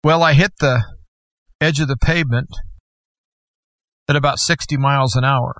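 A man as guest host, slowly and earnestly telling a personal story. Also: mid-range voice, steady tone, a bit bright, no room sound. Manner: earnest, slow and measured storytelling. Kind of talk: personal testimony.

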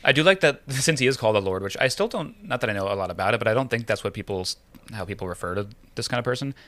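A man's voice: fairly low pitch, lively intonation, very fast, fairly bright tone, no room sound. A man co-hosting a podcast, cracking blunt, sardonic jokes in casual chat. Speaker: podcast co-host.

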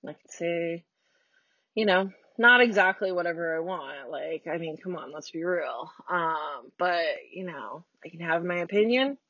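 A woman's voice: on the low side, unhurried, pushed and bright, no room sound. Forties American woman podcaster, blunt and sweary, recorded dry and a bit muffled in her car. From United States. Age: 40s. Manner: blunt, swearing, heated and sarcastic. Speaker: podcast host. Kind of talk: casual solo rant. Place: parked car.

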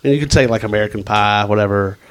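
A man's voice: fairly low pitch, quick pace. A man co-hosting a casual podcast chat, rambling and laughing often. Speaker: podcast co-host.

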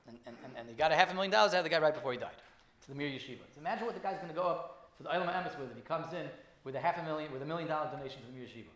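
Man, Torah class teacher, fast-talking, storytelling with restarts, echoey room. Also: a little high, fairly bright tone. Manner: storytelling, many restarts and repeated words.

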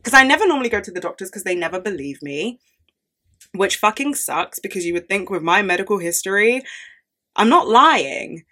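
A woman's voice: medium pitch, animated, fast, sharp tone. A young woman in her early twenties hosting a solo podcast, chatting casually, swearing often and ranting with dramatic outbursts. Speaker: podcast host.

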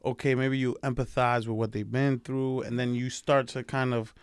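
A man's voice: medium pitch, flat delivery, normal speed, clear, resonant tone, no echo, clean studio sound. A man in a casual group chat who rambles, restarts his sentences often, and throws in jokey asides.

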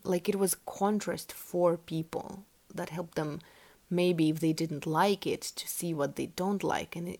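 Slow, gravelly-voiced woman musing. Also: on the low side, darkish tone. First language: not English. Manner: earnest, musing, full of "like" and "you know". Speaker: podcast host reading tarot. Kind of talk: casual spiritual podcast monologue.

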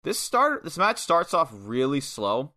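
Bright-voiced man recapping a match. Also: fairly high pitch, wildly swooping pitch, a little slow. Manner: swears freely, recaps match play by play. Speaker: podcast co-host. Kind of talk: casual wrestling review chat.

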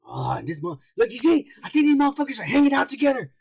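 A man co-hosting a podcast, loud and profane, who teases and shouts through drunken banter. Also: very high-pitched, big pitch swings, fast talker, creaky. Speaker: podcast co-host.

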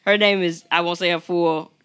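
A host with a bright, forceful voice leads a casual podcast conversation. They build up introductions with theatrical flair, then ease back into easy talk. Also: medium pitch, fairly even intonation, moderate pace, clear, resonant tone.

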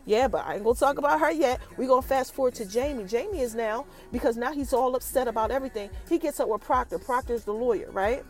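A woman hosting a podcast, recapping an episode in an animated casual chat that talks straight to her listeners. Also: on the high side, fast talker, hardly any pauses. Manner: animated, addresses listeners directly as y'all. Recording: light background music.

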